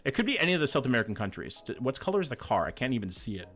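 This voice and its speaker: A man's voice: mid-range voice, sing-song, very fast, fairly bright tone. A young man streaming a guessing game, chatty and thinking aloud as he talks to his chat, swearing casually. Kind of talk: live-stream commentary with chat.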